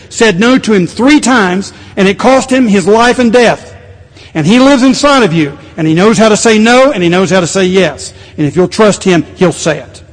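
A middle-aged male pastor preaching a sermon, animated with sudden quiet asides. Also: high-pitched. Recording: long reverb of a large hall.

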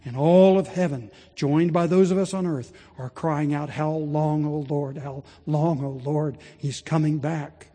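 A man preaching a sermon as pastor, rising to impassioned pleading and dropping low and slow. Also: steady tone, warm tone, slightly rough. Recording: long reverb of a large hall.

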